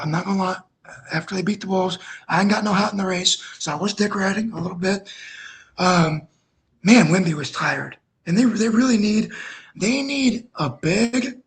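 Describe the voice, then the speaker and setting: A man's voice: high voice, fairly bright tone. A man from Minnesota ranting profanely and passionately in a casual sports podcast chat, calling in on his phone. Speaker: podcast co-host. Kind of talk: casual sports talk rant.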